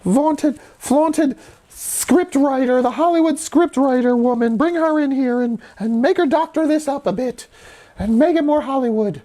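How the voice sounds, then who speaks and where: A man mocking a pushy male Hollywood studio executive in a shrill, bossy voice. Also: unhurried, warm tone.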